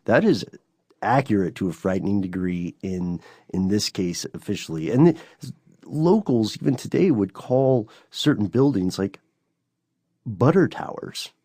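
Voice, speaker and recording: A man's voice: on the low side, expressive, a little slow, dark tone, dry recording, clean studio sound. A man co-hosting a podcast in casual chat, talking loosely and checking in with "you know" and "right?". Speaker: podcast co-host.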